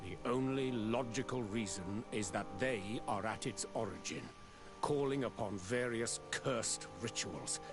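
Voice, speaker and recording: This is a proud video game bishop, who speaks in a slow, deliberate and sanctimonious way. His voice sits fairly low, with game music playing clearly underneath. Every line sounds sure of its own righteousness. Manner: stately, sanctimonious, measured. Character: proud zealous male bishop, suspicious of heretics.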